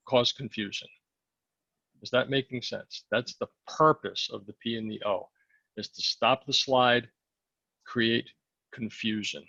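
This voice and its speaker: Gravelly man coaching with a hoarse voice. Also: mid-range voice, a bit bright, no room sound, highs cut off. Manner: coaching, asks the group questions. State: losing his voice, clearing throat. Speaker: sales mindset coach. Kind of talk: training session talk.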